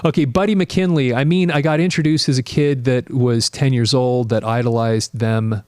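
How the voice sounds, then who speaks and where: A man in his fifties, late in the decade, hosts a live stream and chats casually, rambling and animated as he reads out viewer comments. His voice is medium-pitched at a normal speed, and the recording is dry.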